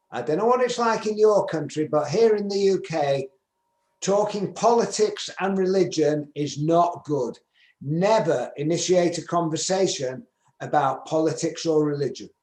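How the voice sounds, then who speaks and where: Amid roomy echo, a 70-something business skills speaker from Manchester delivers a forceful conference talk in a northern English accent, playing out sample dialogues. His voice is slightly high and a little mellow.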